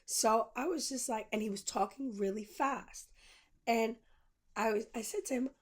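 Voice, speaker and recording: A woman's voice: fairly high pitch, moderate pace. A woman podcast host telling a personal story in a candid monologue, acting out both sides of the conversations she recounts.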